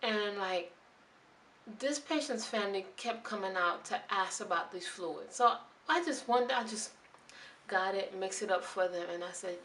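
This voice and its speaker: A woman's voice: mid-range voice, unhurried, fairly bright tone, far from the mic, a little hiss or hum. A young woman, a new nurse, talking candidly and emotionally to camera in a chatty way with many restarts. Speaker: new registered nurse vlogger. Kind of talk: casual talk to camera. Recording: echoey room, off the mic.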